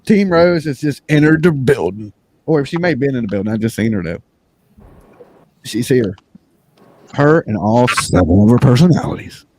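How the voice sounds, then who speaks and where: A man hosting a casual livestream chat, slangy and animated, mimicking other people's voices as he talks. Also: mid-range voice, normal speed, pauses often. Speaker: livestream host. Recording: faint background noise.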